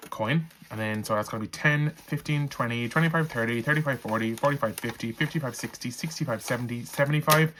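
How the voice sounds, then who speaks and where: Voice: mid-range voice, fairly bright tone, a little hiss or hum. A budgeting vlogger with an Irish accent, chatting casually at home while counting cash aloud into envelopes. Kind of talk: casual vlog chat.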